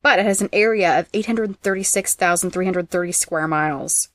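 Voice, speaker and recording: A fairly low-pitched woman hosts a trivia podcast. She reads out facts briskly and teases her co-host between them. The sound is dry and close to the mic. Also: no room sound. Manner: brisk and teasing, reads facts aloud, laughs often. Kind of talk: casual trivia chat, reading facts.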